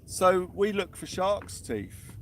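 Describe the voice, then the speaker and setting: A man's voice: high voice, animated, slow, a bit bright. A young man keeps up a cheerful, chatty commentary as he fishes. He is out on a small boat at sea. A faint hiss of outdoor noise sits behind his voice. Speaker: fishing vlogger. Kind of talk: live-stream commentary.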